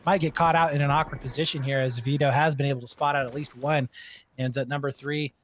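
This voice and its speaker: A man's voice: medium pitch, steady tone, fast talker, slight background noise. A man giving laid-back, chatty commentary on an esports match. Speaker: esports caster. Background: game gunfire and clicks.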